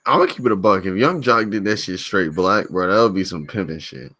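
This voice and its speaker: A man's voice: low voice, animated, fairly quick, bright, forceful tone. A man co-hosting a livestream, talking bluntly and emphatically in slang. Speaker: stream co-host. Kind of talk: casual livestream chat.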